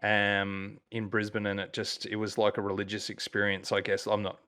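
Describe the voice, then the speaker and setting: Enthusiastic Australian man, lowish voice. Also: monotone, normal speed, sharp tone, smooth. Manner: enthusiastic, rambling storyteller with many fillers. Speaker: musician guest. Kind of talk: casual chat.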